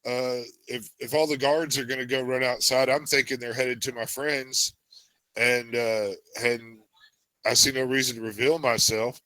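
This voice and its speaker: A man talking through his moves as a tabletop player, rambling with lots of hesitation. His pitch sits mid-range, and the recording is dry and close. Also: fairly even intonation, normal speed, pushed and bright, no echo. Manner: rambling, full of fillers. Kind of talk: casual game chat.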